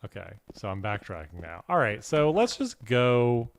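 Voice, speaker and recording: A man's voice: mid-range voice, very animated, moderate pace. A young man streaming a horror game, chatting casually and rambling with many fillers and restarts. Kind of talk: casual gaming commentary.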